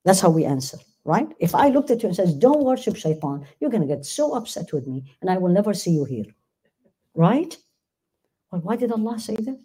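A woman's voice: medium pitch, sing-song, a little fast, dark tone, breathy edge. A woman teaching a religious class, emphatic, questioning her listeners and reciting verses. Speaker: Quran teacher.

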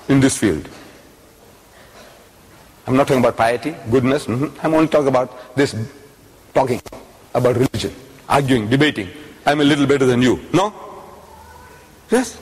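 An older man with a fairly high voice gives a religious lecture to a live audience, telling a story and frequently putting questions to his listeners. The sound has a long reverb tail.

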